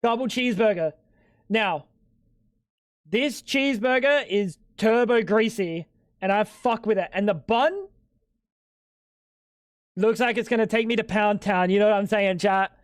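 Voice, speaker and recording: A man's voice: sits high, a little slow, long pauses, dry recording, studio quality. A young man streaming live at home, bantering with chat in a crude, joking way. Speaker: livestreamer.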